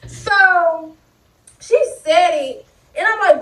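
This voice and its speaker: A young adult woman telling a story in a casual, animated, profane way, speaking straight to her viewers. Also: high voice, a little slow. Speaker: vlogger. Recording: roomy sound, distant mic.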